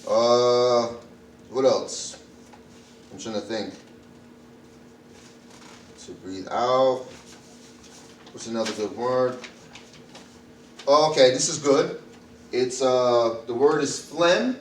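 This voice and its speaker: A man's voice: mid-range voice, extremely slow, long pauses, reverberant, distant mic, slight background noise, rough recording. A man teaching medical Spanish vocabulary in an informal class, repeating and spelling words out and thinking aloud as he goes. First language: English. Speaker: Spanish teacher for health workers.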